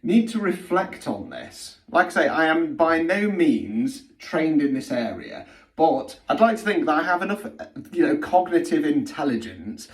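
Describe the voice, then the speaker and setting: A man's voice: fairly high pitch, big pitch swings, measured pace, recorded from a distance. A middle-aged man, giving a blunt, sweary spiritual healing talk that he keeps punctuating with "okay?". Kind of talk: blunt direct-to-camera monologue. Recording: roomy sound from off the mic.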